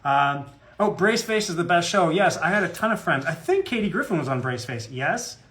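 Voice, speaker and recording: A man's voice: a little high, sing-song, moderate pace, fairly bright tone. A man chatting casually with fans on a live autograph stream, rambling and joking in a self-deprecating way. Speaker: guest voice actor at a fan autograph Q&A.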